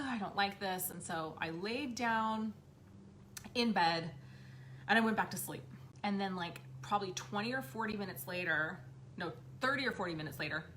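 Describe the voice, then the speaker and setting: A woman in her thirties, a live stream host and spiritual medium, tells a personal story casually, swearing freely and leaning on fillers like "like" and "right." Her fairly low voice sounds bright and forceful, with a little hiss or hum in the audio.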